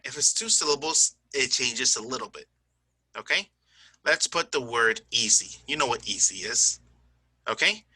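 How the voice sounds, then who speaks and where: Man teaching a grammar lesson, bright tone. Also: mid-range voice, husky, no echo, low-quality recording. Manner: explaining step by step, checks in with "okay?" and "right?"; self-correcting, says "my bad". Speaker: English teacher. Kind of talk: screen-recorded grammar lesson.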